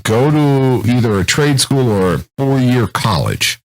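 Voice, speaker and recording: A man in his thirties co-hosting a casual podcast chat, telling stories in a profane, animated way. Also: medium pitch, unhurried, low-quality recording. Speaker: co-host.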